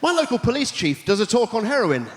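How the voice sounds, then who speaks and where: High, lively man firing off one-liners. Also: in a large hall, very noisy. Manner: rapid-fire punning one-liners, deadpan setups. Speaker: stand-up comedian. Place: large theatre stage before a live audience.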